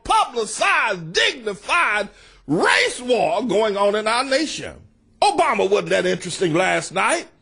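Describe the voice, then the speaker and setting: A man preaches with a husky, raised voice that climbs high and swings widely in pitch. He shouts his points in a fiery political sermon, like a pastor at a pulpit.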